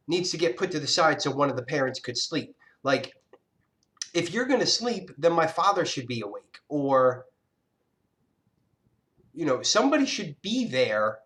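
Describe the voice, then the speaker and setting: A man with a fairly high voice delivers an angry, swear-filled rant. He tells a personal story and often trips over himself and restarts his sentences. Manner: angry, profane ranting; scattered, with frequent restarts. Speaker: vlogger. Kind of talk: casual storytelling monologue.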